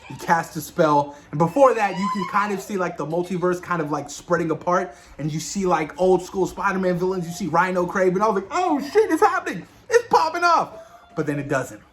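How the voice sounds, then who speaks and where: Excited guy retelling a movie. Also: sits high, a little hiss or hum. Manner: excited, retelling scenes with quick impressions of characters; swears casually. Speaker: movie discussion host. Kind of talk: casual spoiler review.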